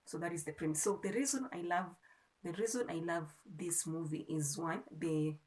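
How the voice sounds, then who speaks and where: Chatty Kenyan woman with a low voice. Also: moderate pace, a little mellow, poor audio. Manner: chatty and rambling, with frequent restarts. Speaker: vlogger. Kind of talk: casual movie review chat.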